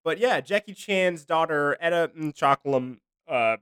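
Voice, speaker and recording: A young man co-hosting a casual comedy podcast. His pitch sits a bit high and swings widely as he jokes, often leaping into squeaky mock voices. The sound is close and dry. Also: a little slow, clean tone, no room sound. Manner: animated, jokey, jumps into high mock voices. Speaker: podcast co-host.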